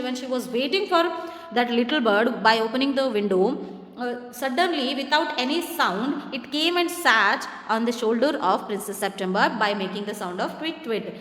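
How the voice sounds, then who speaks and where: A woman's voice: high-pitched, a bit bright. A woman teaching an English lesson in Indian English, reading a story aloud and explaining it plainly, spelling difficult words letter by letter. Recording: echoey room with long reverb.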